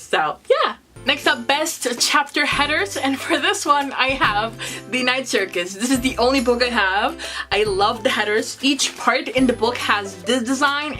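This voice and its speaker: A woman's voice: on the high side, fairly bright tone. A woman book vlogger talking through a casual book tag video, gushing and enthusiastic with a chatty, swearing-now-and-then manner.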